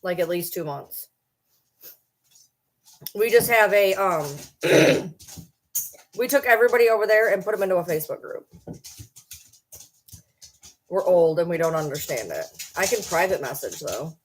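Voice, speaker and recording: A woman's voice: on the low side, animated, normal speed, long pauses, slight background noise. A middle-aged woman hosting a casual livestream, chatting loosely with viewers, swearing casually and baby-talking to her pets. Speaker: livestream host.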